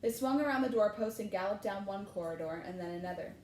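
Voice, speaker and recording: A woman teacher reads a story aloud in an animated way, changing her voice for each character. Her voice sits in a medium range. The room is echoey, with a faint hum behind her. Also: mid-range voice, quick pace.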